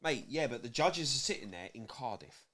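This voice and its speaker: A man's voice: mid-range voice, expressive, brisk, over a noisy crowd. A man with a British accent, breaking down a boxing bout in casual, sweary commentary. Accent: British English. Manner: analytical, blunt, sweary. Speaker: co-host, boxing pundit. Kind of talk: casual fight commentary chat.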